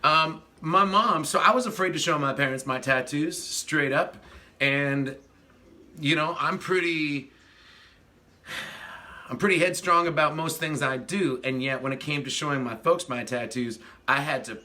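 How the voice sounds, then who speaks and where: This livestream host's voice is a little high and pushed, with a bright edge, and he talks a little slowly. He rambles casually as he says hello to viewers, reads their comments, and fiddles with the stream.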